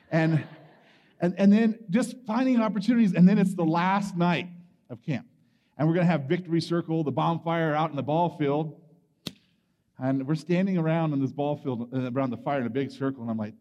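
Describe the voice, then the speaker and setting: A man preaching at a youth camp, telling a personal story with big acted-out moments and shouts. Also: high-pitched, long reverb tail. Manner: animated storytelling, acting out his younger self with shouts. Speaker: camp speaker.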